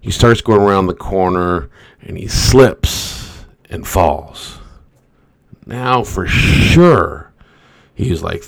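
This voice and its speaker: A man's voice: deep voice, animated, very slow, vocal fry, no echo. A man telling a motivational story in a loose, rambling way, full of asides.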